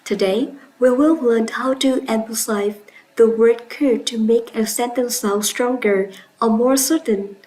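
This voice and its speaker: A woman with a Vietnamese accent teaching an English pronunciation lesson in a clear, instructive way, praising her students. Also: a little high, a little slow, dark tone, low-quality recording. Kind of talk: classroom lesson.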